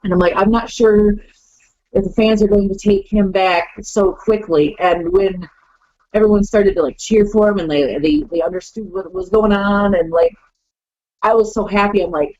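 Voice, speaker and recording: Woman wrestler chatting on a podcast, animated, does voices, dry dull audio. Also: medium pitch, normal speed, no echo. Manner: animated, acts out quoted voices, laughs often. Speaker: guest wrestler. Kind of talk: casual podcast chat.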